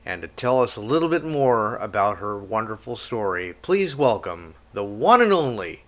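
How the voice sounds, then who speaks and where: A man's voice: on the low side, sing-song, moderate pace, a bit bright. Upbeat man hosting a podcast. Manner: upbeat, announcer-like introductions. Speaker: podcast host. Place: home studio, video call.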